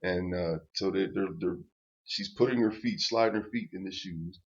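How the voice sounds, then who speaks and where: A man's voice: low voice, moderate pace, vocal fry. An older man telling a personal story to camera in a rambling, profane rant full of restarts. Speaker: channel host. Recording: dull lo-fi recording.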